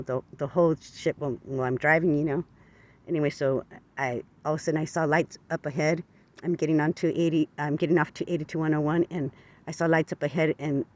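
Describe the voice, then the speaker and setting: A man telling a personal story to camera in an earnest, confessional way, often stopping to restart and repeat his phrases. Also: a little high. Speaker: vlogger.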